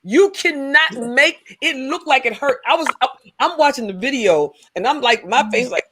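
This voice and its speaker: A woman's voice: high voice, normal speed, background noise. Woman host chatting, lots of restarts, gets worked up telling a story. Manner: animated storytelling, many restarts. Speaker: podcast host. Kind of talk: casual chat.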